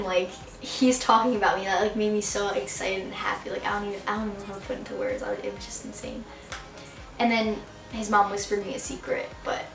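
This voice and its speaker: A teenage girl from the New area tells an excited, gushing story of meeting a singer, full of "like" and quick asides. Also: medium pitch, distant mic. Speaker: vlogger. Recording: roomy and a bit off-mic.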